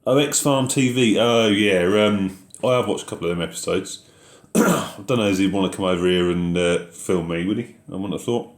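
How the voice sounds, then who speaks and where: A man's voice: low-pitched, normal speed, reverberant. A man hosting a casual live question-and-answer chat about farming, reading out viewer messages and answering them in an easygoing way.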